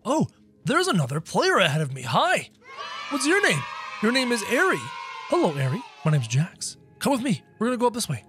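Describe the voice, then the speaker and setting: A man narrating his gameplay in a theatrical, excitable way, yelping and shrieking at scares. His voice is high and bright, and it leaps around. Game music plays faintly behind him. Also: fairly quick. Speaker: gaming video host.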